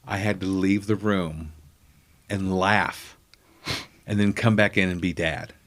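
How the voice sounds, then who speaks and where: A man's voice: deep voice, fairly even intonation, slow, a bit bright. A middle-aged man telling rambling, self-deprecating family anecdotes in a casual chat, acting out the people he quotes. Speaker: comedian guest.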